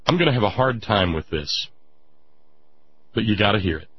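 A man giving impassioned political commentary, sarcastic and indignant, rising to shouts. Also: fairly low pitch, lively intonation, normal speed, muffled recording, a little hiss or hum.

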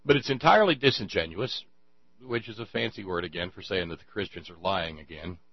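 A man's voice: low voice, animated, brisk, slightly rough, no echo, dull audio. A man hosting a show, rambling sarcastically in casual commentary, stumbling over restarts.

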